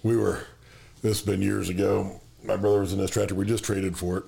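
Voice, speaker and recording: A man's voice: sits low, level tone, a little fast, gravelly, mellow. A man who farms, telling easygoing stories in casual chat, laughing as he goes. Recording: roomy echo.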